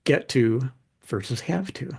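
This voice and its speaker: A middle-aged man, a podcast guest and author, talking in a relaxed, conversational way and acting out the voices in his anecdotes. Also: medium pitch, measured pace, vocal fry, slightly rough. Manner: animated anecdotes, acts out quoted dialogue. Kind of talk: conversational storytelling.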